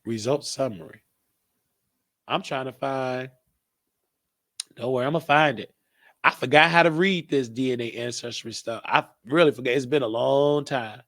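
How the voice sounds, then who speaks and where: A man's voice: mid-range voice, moderate pace, long pauses, fairly bright tone, no echo, clean studio sound. A man hosting his own show, talking casually and rambling, joking and thinking aloud as he goes. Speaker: show host. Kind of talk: casual live-stream monologue.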